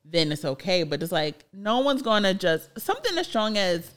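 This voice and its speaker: A woman co-hosting a casual chat, recapping a reality dating show in an animated way, laughing often and acting out what people said. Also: mid-range voice, normal speed. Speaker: podcast co-host.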